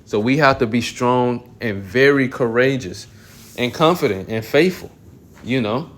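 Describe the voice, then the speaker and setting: A man reads scripture aloud and reflects on it in a sermon-like talk. His voice sits at an ordinary pitch, and he keeps clearing his throat and correcting himself mid-phrase. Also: unhurried. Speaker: Bible teacher. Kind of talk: scripture reading and commentary.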